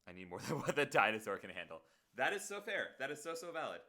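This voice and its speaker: A man's voice: mid-range voice, very animated, quick pace, bright, forceful tone. A man streaming live while making music, muttering to himself and joking playfully at his own expense as he greets his chat. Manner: muttering to himself, playful self-mocking asides.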